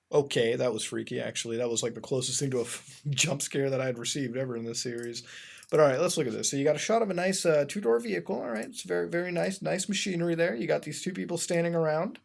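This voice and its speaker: A man hosting a casual web-browsing commentary. He rambles and sounds exasperated, fills his talk with "like" and restarts, and addresses his audience as ladies and gentlemen. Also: medium pitch, brisk, vocal fry, over music. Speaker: host.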